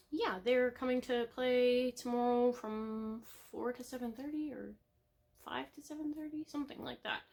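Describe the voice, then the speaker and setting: A young woman chatting to her viewers in a loose, rambling way, full of ums and little laughs. Her pitch sits in an ordinary middle range, and she talks with a soft, personal, slightly emotional tone. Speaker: cross-stitch vlogger. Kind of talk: casual chat to camera.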